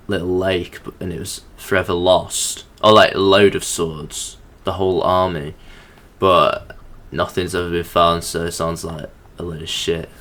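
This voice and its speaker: A man's voice: deep voice, fairly bright tone, a little hiss or hum. A young man narrating his hike in a rambling, sardonic, sweary voice-over. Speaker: hiking vlogger.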